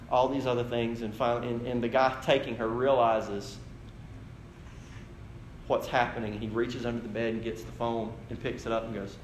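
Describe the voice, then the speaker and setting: Preacher dude, chatty storytelling sermon, roomy church sound. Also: male voice, level tone, normal speed, slight background noise. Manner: storytelling, conversational, shifting to low dramatic delivery. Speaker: pastor.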